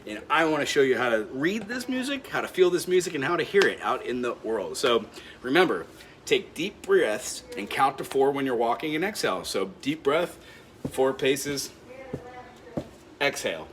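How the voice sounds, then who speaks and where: A man's voice: mid-range voice, very animated, moderate pace, fairly bright tone, slight background noise. A man teaching a ukulele lesson in a friendly way, counting beats aloud and explaining scales and chords. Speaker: music teacher. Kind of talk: instrument lesson. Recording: ukulele playing behind the voice.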